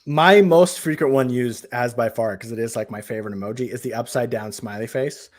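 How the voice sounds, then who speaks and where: A man's voice: mid-range voice, brisk. Chatty male podcast host. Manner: chatty, many fillers. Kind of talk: casual chat.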